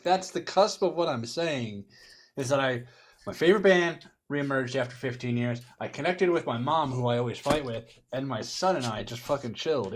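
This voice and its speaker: A man's voice: medium pitch, breathy edge. A man co-hosting a casual livestream chat from home over a call, loose and jokey, swearing freely. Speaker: co-host.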